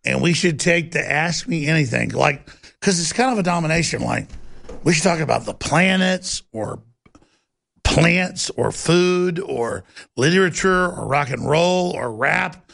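A man hosting a talk show, rambling and emphatic, with wide swings from low growl to high outbursts. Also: expressive, unhurried, creaky, fairly bright tone. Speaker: host. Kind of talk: heated talk-show monologue.

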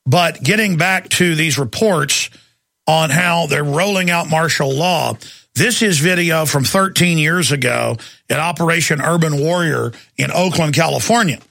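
Gravelly ranting talk radio man. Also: a little high, measured pace, fairly bright tone, dry recording, studio quality. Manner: ranting, indignant, sarcastic.

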